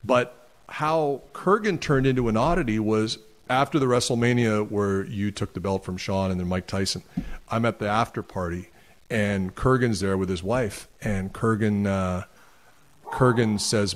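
A man guesting on a podcast, telling stories in a casual, animated way and acting out other people's lines. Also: on the low side, normal speed. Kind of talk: casual storytelling.

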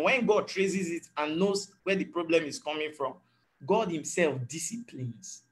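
High-voiced pastor. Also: male voice, a little slow. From Nigeria. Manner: earnest teaching tone, slips into acted quotes. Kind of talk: sermon.

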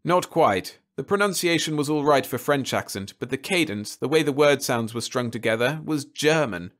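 A man's voice: medium pitch, expressive, normal speed, a bit bright, voice pushed up, natural voice. A man voicing a precise, matter-of-fact army colonel. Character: measured older male army colonel.

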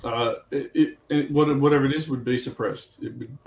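Gravelly man in an echoey room. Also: medium pitch, fairly quick, muffled recording. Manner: relaxed, agreeable, rambling. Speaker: livestream co-host. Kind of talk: casual livestream chat. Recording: echoey room with faint noise.

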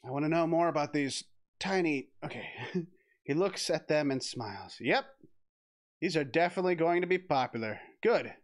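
A man's voice: on the high side, lively intonation, normal speed. A man streaming a text adventure game, reading the game text aloud with giggles, swearing and restarts. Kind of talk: casual let's-play commentary, reading game text aloud.

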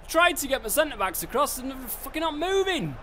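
A young English man giving live commentary over a football video game. He gets excitable and swears a lot, shouting at the game. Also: very high-pitched, a little fast. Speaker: gaming YouTuber. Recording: faint background noise.

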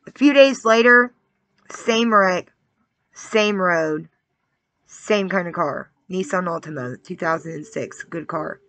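A woman with a bright, forceful voice delivers a spiritual message like a casual sermon. She speaks earnestly and confidingly and keeps checking in with her listeners. The recording is dry and close, with no room sound. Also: lowish voice, takes it slowly, no room sound. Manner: earnest, keeps checking in with "all right?" and "okay?"; confiding and testimonial. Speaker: spiritual card reader. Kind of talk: casual preaching to viewers.

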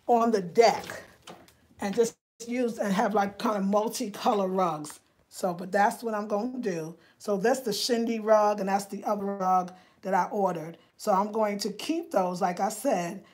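A woman's voice: mid-range voice, darkish tone. Chatty woman greeting her viewers. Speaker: home decor vlogger hosting a live chat. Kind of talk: casual livestream chat. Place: home living room.

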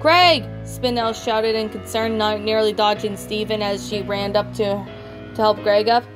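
A woman's voice: mid-range voice, completely flat delivery, normal speed. A woman reading a fan fiction story aloud, often stumbling and restarting words. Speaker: story narrator. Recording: background music throughout.

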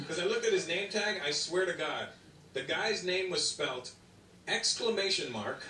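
A man doing stand-up, telling a story in an animated, drawn-out way with sudden loud bursts, heard as distant, echoey, noisy playback. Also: high voice. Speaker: stand-up comedian.

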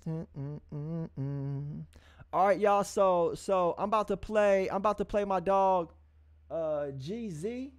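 A man hosting a live music review stream, talking loosely to his viewers with friendly slang, repeated words and long hummed pauses. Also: sits high, a little mellow, no room sound, clean studio sound. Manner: loose, repetitive, restarts and drawn-out hums; encouraging, street-casual address to viewers. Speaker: livestream music review host. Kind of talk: casual live-stream talk to chat.

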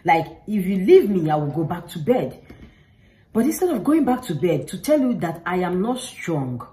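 A woman's voice: on the low side, very animated, moderate pace, warm tone, poor audio. A woman talking straight to the camera, giving earnest, informal faith advice and repeating herself for emphasis. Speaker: faith vlogger.

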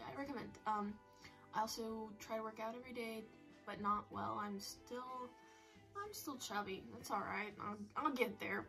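Filming a vlog on her phone, a teen girl chats to camera in a rambling, self-mocking way. The voice is mid-range, pushed and bright, captured in a rough recording.

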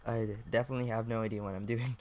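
A man's voice: on the low side, steady tone, fast, darkish tone, faint music behind. A young man playing a chat-based game, reading messages aloud and reacting with casual swearing and laughs. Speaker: gaming video creator. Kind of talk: casual let's-play commentary.

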